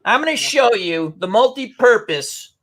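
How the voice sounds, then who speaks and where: A man's voice: extremely high pitch, animated, a little slow, a bit bright. A man hosting a casual online chat, rambling through funny stories with lots of giggles. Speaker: host.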